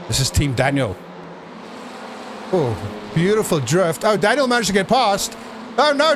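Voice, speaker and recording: A man giving jokey, excitable live commentary on a sim race, breaking into shouts at crashes. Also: extremely high pitch, a little hiss or hum.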